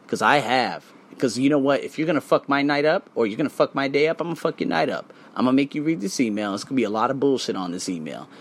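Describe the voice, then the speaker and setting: Solo male podcast host, lively swooping delivery, blunt and profane, hype bursts then low asides. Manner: blunt, profane, emphatic ranting; hype, swinging between loud and low asides.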